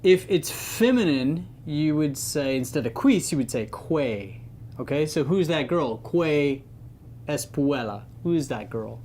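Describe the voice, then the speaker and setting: A Latin teacher gives an informal grammar lesson in a fairly high, expressive, darkish voice at a measured pace, with slight background noise. He is chatty and playful, leaning on the key words.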